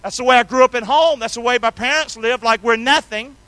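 A male pastor from North Carolina, preaching a sermon with enthusiasm, calling on the congregation to respond and swinging between loud and quiet passages. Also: extremely high pitch, brisk, no room sound, poor audio.

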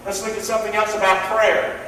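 A man preaching a sermon to a congregation, emphatic, calling out to the room and swinging between loud and soft. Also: sits high, little pitch movement, fast talker, a little hiss or hum. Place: church. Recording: echoey church hall from far off, faint ambience.

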